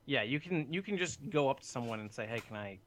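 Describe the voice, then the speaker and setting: A man at a medium pitch runs a tabletop game over voice chat, calmly describing scenes and settling rules. He speaks through a headset with a faint hiss behind him. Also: quick pace. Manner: relaxed, matter-of-fact rulings. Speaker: game master.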